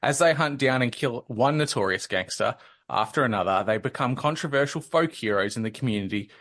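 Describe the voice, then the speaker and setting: Australian man, 30s, podcast host, easygoing and quick with a joke, mid-range voice. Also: medium pitch, lively intonation, fairly bright tone. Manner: joking, laid-back storyteller. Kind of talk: casual podcast chat.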